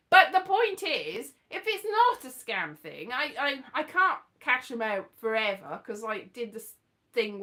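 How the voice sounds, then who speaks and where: A woman's voice: fairly high pitch, pushed and bright. A woman rambling through a casual monologue, chatty and digressive with playful asides. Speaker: vlogger.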